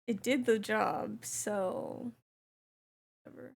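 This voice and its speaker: A young woman streamer chatting casually with her chat while she plays, reading messages aloud in a relaxed way. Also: a little high, unhurried, creaky.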